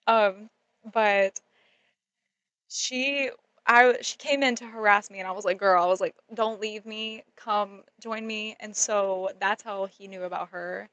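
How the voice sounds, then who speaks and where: A young woman vlogger telling a story in a casual, animated way, giggling often and saying "like" a lot. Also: mid-range voice, dry recording. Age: young adult.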